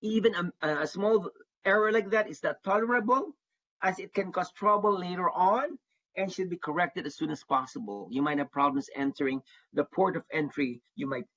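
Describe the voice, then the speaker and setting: A man's voice: high voice, a bit bright. A man presenting an online workshop as an advisor to international students, speaking earnestly and repeating his key points for emphasis. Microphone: video call. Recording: dull lo-fi webinar audio.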